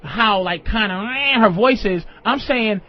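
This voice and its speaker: High, excitable, profane radio host. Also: male voice, measured pace, a crowd in the background. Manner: loud, profane, excitable, interrupting. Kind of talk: crude call-in radio banter. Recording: dull lo-fi radio audio, faint hiss.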